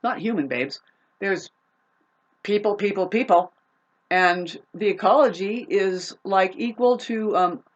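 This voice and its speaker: A woman's voice: medium pitch, measured pace. Profane ranting woman, dull lo-fi sound. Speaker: vlogger. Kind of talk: unscripted rant to camera.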